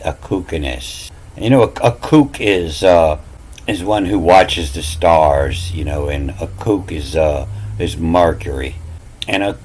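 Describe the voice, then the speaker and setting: Slow and low, with a darkish tone, a self-styled language teacher wanders through a rambling, self-taught explanation. Frequent "you know"s punctuate his spelled-out letters and repeated words. The recording sounds rough.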